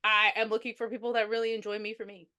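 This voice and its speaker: A woman's voice: on the high side, little pitch movement, fast talker, pushed and bright, lo-fi sound. A woman podcast co-host recapping a movie in casual chat, animatedly acting out the characters' lines as she tells the story.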